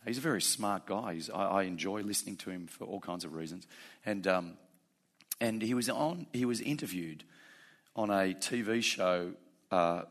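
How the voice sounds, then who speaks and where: A man's voice: deep voice, normal speed. A male pastor preaching a sermon, talking in a plain, conversational way that builds into fervent emphasis.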